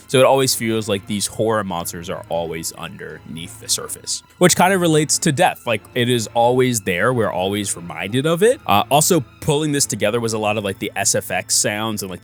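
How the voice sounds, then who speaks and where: A man narrating a casual vlog about making his comic, animated and full of filler words. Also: on the low side. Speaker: comic artist vlogger.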